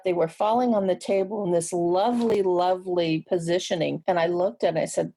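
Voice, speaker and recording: A middle-aged woman talks through her experiences as an interview guest. Her voice sits low with a dark, mellow warmth and a gravelly edge. She is reflective, often restarting a sentence and laughing softly. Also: moderate pace, few pauses. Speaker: guest, energy psychology counselor. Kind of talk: casual interview storytelling.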